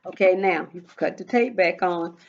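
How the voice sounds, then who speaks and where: A woman teaching a recorded phonics lesson to first graders, slow and patient, repeating each rule in a drill. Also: fairly low pitch, muffled recording.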